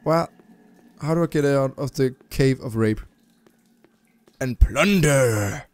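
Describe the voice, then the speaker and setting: A let's play gamer gives crude, jumpy commentary while playing, with constant squeamish reactions and swearing. His voice is medium-pitched, smooth and darkish, at a moderate pace, with no room sound.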